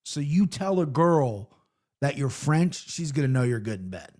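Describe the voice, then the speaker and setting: A man's voice: mid-range voice, very animated, normal speed, darkish tone, lightly acted. A man voicing his father as a crude, blunt dad handing out bad advice. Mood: matter-of-fact.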